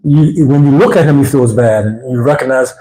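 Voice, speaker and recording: A man teaching at a weekly mosque gathering, talking in a conversational, rambling way and getting animated when he quotes people. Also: medium pitch, a little fast, low-quality recording. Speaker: religious teacher. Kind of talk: informal religious talk.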